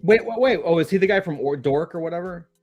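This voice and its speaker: A man's voice: high voice, animated, fast, a little mellow, muffled recording, faint music behind. A man co-hosting a casual talk show who breaks in with short teasing remarks and questions. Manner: teasing interjections, playful. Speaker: co-host. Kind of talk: casual chat.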